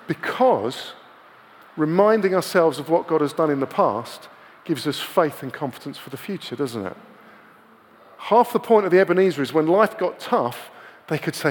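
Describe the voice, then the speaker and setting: A man's voice: high voice, expressive, moderate pace. Chatty male preacher in an echoing hall. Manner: conversational, asks the congregation rhetorical questions. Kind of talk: sermon.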